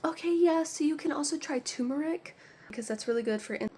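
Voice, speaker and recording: A woman voicing a brisk, unhelpful female doctor who brushes off concerns in a light, lilting tone. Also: sits high, a little mellow, slight background noise, pitched above the performer's own voice, lightly acted. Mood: breezy dismissive.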